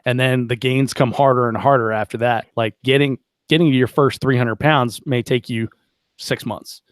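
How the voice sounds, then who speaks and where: A man hosting a casual podcast interview, relaxed and chatty, reading out listener comments and asking long questions. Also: medium pitch, moderate pace, dry recording. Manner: relaxed, chatty, reads live chat aloud. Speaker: podcast host.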